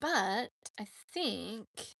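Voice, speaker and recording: Woman, livestream host, casual rambling chat, bright tone. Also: fairly high pitch, big pitch swings, extremely slow, gravelly. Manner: chatty and rambling, laughs often.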